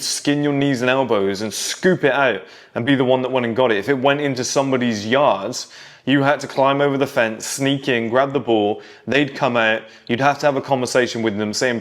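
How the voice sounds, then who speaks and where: A man in his thirties talking straight to young men, telling nostalgic stories from his childhood in a casual monologue. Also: medium pitch. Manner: storytelling, nostalgic, direct address to young men. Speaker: self-improvement creator.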